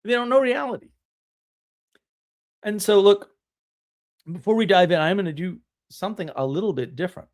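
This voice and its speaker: A man's voice: sits high, moderate pace, long pauses. A man hosting a live stream, ranting in a casual, blunt and scornful way, with sarcastic laughs. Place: home, drinking tea on stream.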